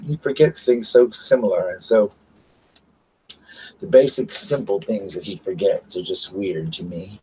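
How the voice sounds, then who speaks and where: A man's voice: on the low side, measured pace, a little mellow, husky, low-quality recording. Affectionate man chatting from bed. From US South. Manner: chatty, affectionate, greets viewers by name. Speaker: channel host. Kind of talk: casual live-stream chat. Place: bedroom at home.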